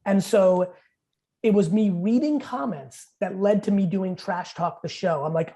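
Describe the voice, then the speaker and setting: A man in his forties talks as a podcast guest, blunt and full of swearing. He tells stories rapid-fire, punching his points home. His voice has a dark, mellow tone. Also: high-pitched, creaky. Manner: blunt, profane, rapid storytelling. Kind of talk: casual podcast interview.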